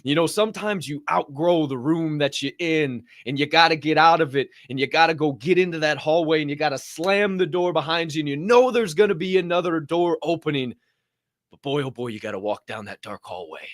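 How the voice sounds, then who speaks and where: A young man giving a motivational podcast monologue as co-host, animated and profane, jumping from loud outbursts to low muttered asides. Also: brisk, dry recording, studio quality.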